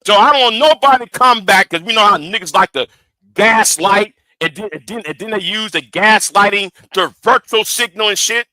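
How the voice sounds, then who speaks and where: With a high-sitting, bright, forceful voice at normal speed, a livestream host gives fired-up commentary laced with profanity. He repeats words as he gets worked up, and the audio has no echo.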